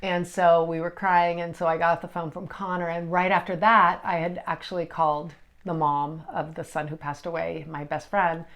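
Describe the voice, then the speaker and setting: A middle-aged woman, an energy healer, telling a personal story in an emotional, halting way with many restarts. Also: lowish voice, level tone, a bit bright.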